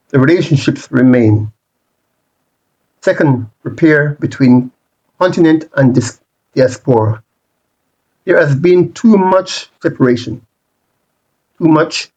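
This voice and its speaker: A man presenting a reflective monologue, speaking in deliberate, repetitive rhetorical phrases with the odd restart. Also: fairly high pitch, a little mellow, muffled recording. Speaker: channel presenter.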